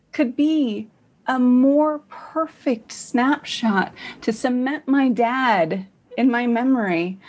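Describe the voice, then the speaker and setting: A woman's voice: fairly high pitch, highs cut off. A woman in her forties, from New Jersey, telling stories as a guest in a casual chat with a wry, dry delivery.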